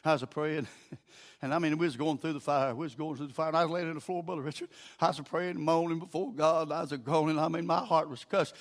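An older man with a Southern US accent preaching a sermon in a folksy storytelling way, dropping low and quiet, then rising to shouts. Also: fairly even intonation, quick pace.

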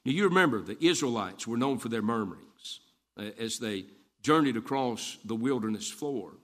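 A man's voice: mid-range voice, expressive, moderate pace. Folksy preacher man. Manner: folksy storytelling, repeats lines for emphasis. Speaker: Baptist preacher. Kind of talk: sermon.

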